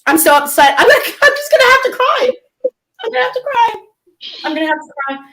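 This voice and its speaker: A woman's voice: high-pitched, level tone, very fast, close to an everyday voice. A woman playing a melodramatic, weepy reality-TV woman in a live comedy parody, whiny and swinging into mock tears. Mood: dramatic.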